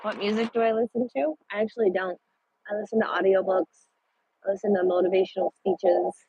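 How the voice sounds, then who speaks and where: A woman's voice: mid-range voice, fairly even intonation, fairly quick, slight background noise. A woman truck driver chatting casually with viewers on a live stream from her parked truck at a rest area, swearing now and then. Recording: dull lo-fi sound.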